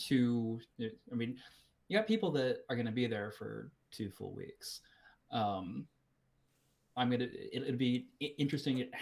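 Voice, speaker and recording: A man with an American West Coast accent that slips into Kiwi words, co-hosting a podcast in rambling, swearing casual chat. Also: mid-range voice. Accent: American West Coast, slipping into Kiwi. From United States. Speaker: podcast co-host.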